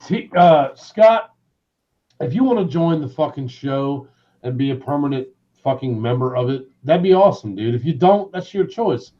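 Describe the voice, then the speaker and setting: A man hosting a livestream in a casual rant, loud and excitable, swearing constantly and shouting people's names. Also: medium pitch, moderate pace, dull audio. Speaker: livestream host.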